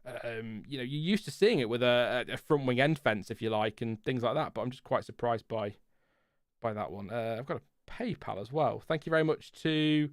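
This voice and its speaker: Chatty man, smooth close voice. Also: mid-range voice, normal speed, dry recording. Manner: chatty, rambling, lots of fillers and restarts, reads chat aloud. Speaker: F1 livestream host. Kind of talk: casual live race reaction chat.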